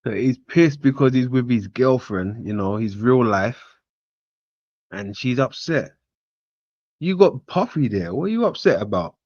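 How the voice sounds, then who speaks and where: A man's voice: medium pitch, lively intonation, a little slow, darkish tone, no room sound, highs cut off. A man hosting, commenting in a joking, sarcastic way. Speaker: host. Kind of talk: casual commentary.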